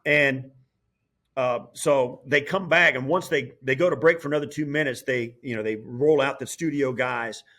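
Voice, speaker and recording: A middle-aged man, a former player turned broadcaster, telling a story as an interview guest in an animated way, with frequent restarts. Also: mid-range voice, normal speed. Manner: animated, lively, full of restarts. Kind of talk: casual storytelling.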